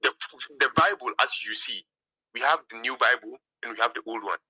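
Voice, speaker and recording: A man's voice: mid-range voice, a little fast, bright, forceful tone, husky, no room sound, low-quality recording. A man in a heated religious debate who defends himself and answers questions with counter-questions.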